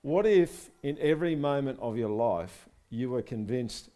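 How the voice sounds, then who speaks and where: Male pastor, lively sermon, questions the congregation throughout. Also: mid-range voice, unhurried. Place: church service.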